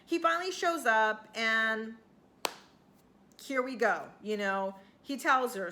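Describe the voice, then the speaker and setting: Woman recap vlogger, high and bright, sarcastic and rambling, casual delivery. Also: slow pace, a little hiss or hum. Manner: chatty, sarcastic, rambling with fillers and occasional cussing.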